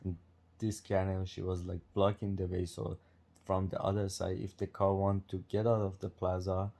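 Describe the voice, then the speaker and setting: A man's voice: deep voice, little pitch movement, normal speed, vocal fry, dark tone. A man telling a story in a casual chat, chuckling between lines and speaking English with non-native grammar. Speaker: vlogger.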